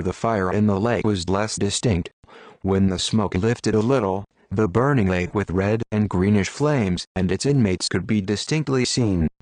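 A man with a fairly low voice narrates an audiobook in a measured, solemn way. The sound is dry and close. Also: a little mellow, no echo. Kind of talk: scripted narration.

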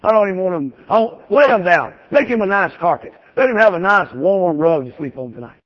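A folksy divine voice gives brisk orders, as a preacher speaks it. It sounds plain-spoken and high-pitched for a man. The recording is dull and dry. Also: lively intonation, no echo. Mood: commanding. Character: commanding male deity giving firm orders.

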